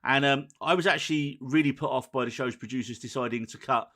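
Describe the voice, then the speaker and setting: A man hosting a film and TV podcast in casual chat, brisk and teasing as he runs through the rundown. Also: mid-range voice, fairly bright tone. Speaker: podcast host.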